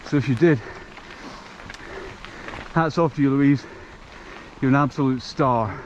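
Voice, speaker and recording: A man's voice: medium pitch, slow. A middle-aged man vlogging casually as he rides a mountain bike trail outdoors, chatty and self-mocking. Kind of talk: casual talk while riding. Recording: dull lo-fi sound, faint outdoor noise.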